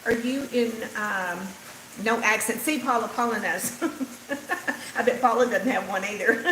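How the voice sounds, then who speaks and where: Slow-talking older Texan woman. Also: on the high side, sharp tone, roomy sound, slight background noise. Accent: Texan Southern drawl. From Texas. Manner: chatty, reads out and answers live viewer comments. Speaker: host. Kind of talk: casual livestream cooking chat. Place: home kitchen.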